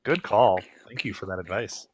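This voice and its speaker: A man's voice: on the low side, normal speed. A man playing a tabletop game online, easygoing and lightly joking. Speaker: player. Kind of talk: casual chat during an online tabletop game.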